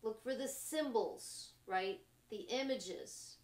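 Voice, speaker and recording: A woman hosting a spiritual talk show, musing slowly in short trailing phrases and laughing often between thoughts. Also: on the high side, a little mellow, roomy sound. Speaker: podcast host. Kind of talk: reflective spiritual monologue.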